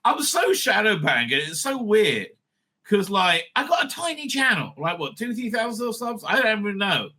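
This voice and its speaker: A man's voice: sits high, very animated, normal speed, pushed and bright. A man hosting his own online show, rambling in a loose, profane, laughing commentary style. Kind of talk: casual ranting commentary.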